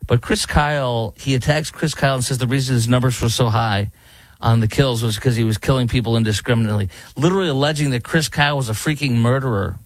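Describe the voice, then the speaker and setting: Indignant talk radio host. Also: male voice, mid-range voice, a little fast, no echo. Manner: indignant, rambling with fillers. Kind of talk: opinionated commentary. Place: studio in Dallas.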